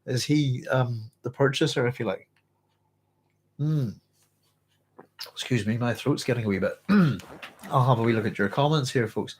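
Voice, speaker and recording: A man hosting a live book club, chatting through a novel and readers' comments in a thoughtful, rambling way with many pauses and restarts. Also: mid-range voice, slight background noise. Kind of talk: casual live book discussion, reading aloud and chatting.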